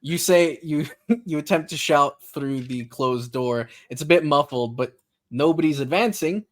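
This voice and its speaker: A man narrating a tabletop role-playing game as game master, relaxed and halting, with many fillers. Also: fairly high pitch.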